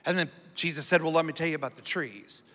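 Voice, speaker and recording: A male pastor preaches fast to his congregation in a high, bright voice, drawing call-and-response from them as he goes, while his sermon rings through a hall with long reverb.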